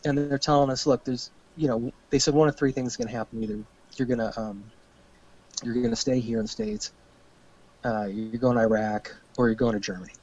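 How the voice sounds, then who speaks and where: Dull audio captures a medium-pitched man, an army veteran guesting on a podcast, as he spins a casual story. He swears freely and acts out what everyone in the story said, keeping his telling animated.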